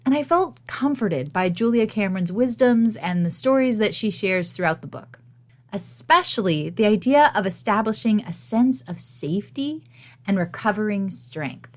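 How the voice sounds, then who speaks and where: A woman hosting a solo podcast, talking in a candid, chatty, self-deprecating way, her voice gravelly and worn after losing it. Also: mid-range voice, lively intonation, normal speed. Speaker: podcast host and teaching artist.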